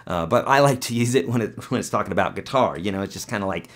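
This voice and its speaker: A man's voice: on the low side, lively intonation, fast. A man teaching guitar on a live webcast, reading out viewer questions and answering them in a loose, chatty way.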